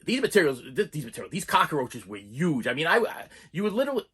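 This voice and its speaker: A man's voice: a little high, very animated, fast, bright, forceful tone, husky. A man reviewing his movie collection in a casual, rambling way, often restarting sentences and drifting into side stories. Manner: rambling, with frequent restarts and asides. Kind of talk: casual rambling vlog talk.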